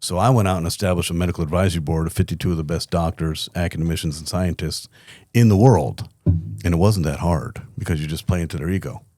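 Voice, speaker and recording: A man's voice: deep voice, quick pace, dry recording, clean studio sound. A middle-aged man, a company CEO guest, telling candid, blunt stories in a podcast interview. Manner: lively, candid storyteller, blunt and profane.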